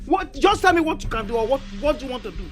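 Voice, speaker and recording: An actress playing a scornful, sharp-tongued first wife in a Nigerian film, mocking her rival; Nigerian accent. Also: sits high, very animated, fast talker, soft background music. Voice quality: mocking, taunting. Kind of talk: Nollywood film acting.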